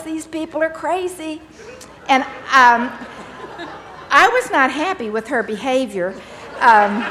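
A woman's voice: a little high, slight background noise. An older woman giving a candid personal testimony, telling her story with wry humor and acting out the people in it. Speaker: speaker sharing her recovery story.

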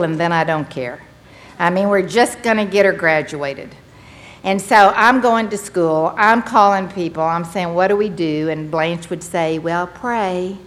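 A middle-aged woman tells her recovery story to a meeting, earnest and folksy with animated bursts. Her voice sits on the low side for a woman. A faint noise runs under the recording. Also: normal speed. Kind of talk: personal testimony talk to a meeting.

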